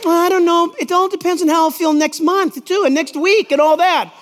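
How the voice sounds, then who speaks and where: A man voicing a fickle young bride at the altar, speaking in a soft, offhand way. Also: extremely high pitch, steady tone, normal speed, pitched above the performer's own voice. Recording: long reverb in a large church.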